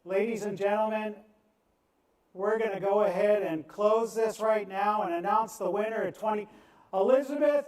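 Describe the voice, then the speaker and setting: A man working as a charity auctioneer, calling bids in a fast rhythmic chant and coaxing bidders along. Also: high voice, a little mellow. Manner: rapid rhythmic bid chant, cajoling bidders. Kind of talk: live auction bid calling. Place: event venue on the Gulf coast. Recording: echoey room, voice from off-mic.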